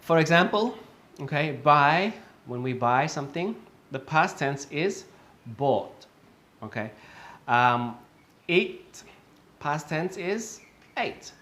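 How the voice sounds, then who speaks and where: A man's voice: on the high side, expressive, slow pace, fairly bright tone. A man teaching English pronunciation, patiently repeating each word for learners, with frequent fillers and self-corrections. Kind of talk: online pronunciation lesson.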